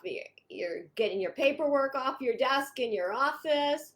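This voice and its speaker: Brief: woman consultant, chatty and meandering, bright high voice. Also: expressive, normal speed, hardly any pauses. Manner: rambling, chatty, frequent restarts. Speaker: home organizing consultant. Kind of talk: casual vlog talk.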